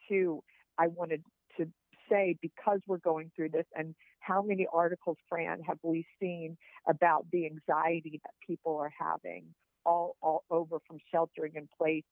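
A woman's voice: sits low, vocal fry, dry recording. Earnest woman on a tinny phone line. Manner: earnest, heartfelt, encouraging. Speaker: podcast guest. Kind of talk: personal storytelling over a call.

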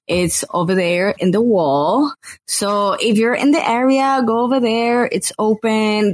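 Woman podcast guest, super effusive, laughs a lot, mid pitch. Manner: effusive, gushing, laughs often. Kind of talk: casual podcast interview.

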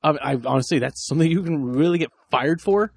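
Husky guy talking fast on a podcast, dry close sound, gets animated telling stories. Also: dry recording. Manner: animated storyteller who mimics people in high squeaky voices. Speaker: podcast co-host. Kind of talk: casual chat.

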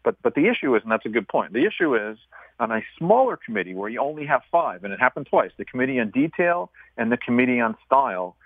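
A man's voice: medium pitch, sing-song, fast talker, dry recording. A man who is a regular guest on a radio show, explaining history step by step in a teacher-like way. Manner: explanatory, teacher-like, walks the host through points step by step. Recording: tinny phone line.

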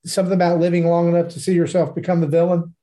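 A man's voice: high voice, little pitch movement, racing, mellow. A man in his forties co-hosting a casual podcast, reading out listener comments with self-deprecating jokes. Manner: joking, self-deprecating, laughs often.

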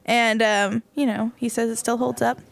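A woman's voice: fairly high pitch, flat delivery, moderate pace, creaky. A young woman co-hosting a casual podcast chat, chatty and giggly, rambling through her stories. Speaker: podcast co-host.

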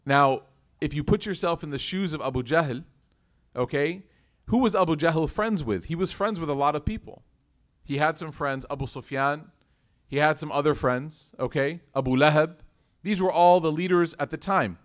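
Guy giving a religious talk, kinda high voice, lots of "and what?" questions, jokey asides. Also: normal speed. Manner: lively, asks the audience rhetorical questions; casual asides and humor. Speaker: Islamic lecturer. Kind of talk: lecture.

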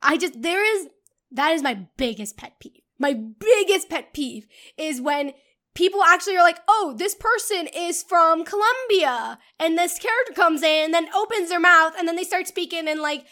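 High-voiced woman hosting a film chat. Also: normal speed. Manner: animated, trails off and restarts. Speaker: podcast host. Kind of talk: casual film discussion.

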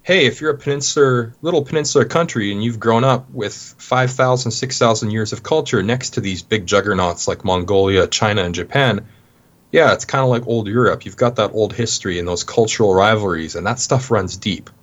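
A Canadian man, a guest in an interview, telling stories in a relaxed way with plenty of "you know" fillers. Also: fairly low pitch, fairly quick, muffled recording. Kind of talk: casual interview talk.

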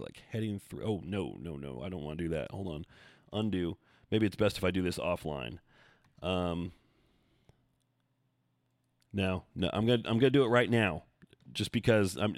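A man hosting his own podcast as a coach, talking casually and thinking out loud, with self-deprecating asides. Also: low-pitched, no echo, studio quality. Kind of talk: casual solo podcast talk. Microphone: desk mic, seated.

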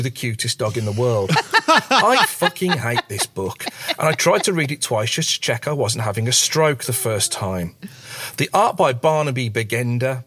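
British man, mid pitch, animated and sardonic; crude mock-grand comic monologue. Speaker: segment contributor. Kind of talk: scripted comedic rant. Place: separate recording played on the show.

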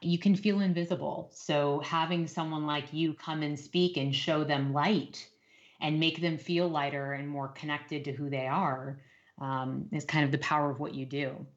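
A woman hosting a relaxed interview over a video call, upbeat and affirming toward her guest. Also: deep voice, normal speed, highs cut off. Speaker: interview host. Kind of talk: casual interview.

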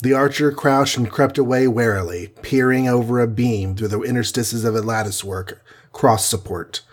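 A man with a husky voice narrating a superhero adventure story in an even storytelling manner. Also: mid-range voice, normal speed. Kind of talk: audiobook narration.

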